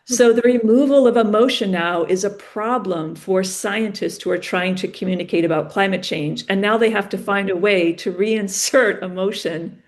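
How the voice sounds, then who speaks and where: A woman's voice: mid-range voice, moderate pace, few pauses. A woman, a podcast guest, telling stories in casual conversation and acting out the dialogue. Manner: animated, acts out dialogue in stories. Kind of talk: conversational storytelling.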